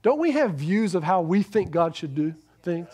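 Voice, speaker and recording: High-voiced pastor preaching a sermon. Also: male voice, big pitch swings, moderate pace. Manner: earnest, swings from loud emphasis to hushed near-whisper. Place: church.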